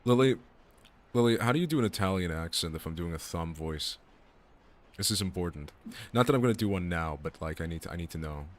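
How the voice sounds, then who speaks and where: A male streamer chatting casually, excitable and swearing, laughing often and tripping over his words. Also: low-pitched, a little fast. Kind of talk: casual chat on a live stream.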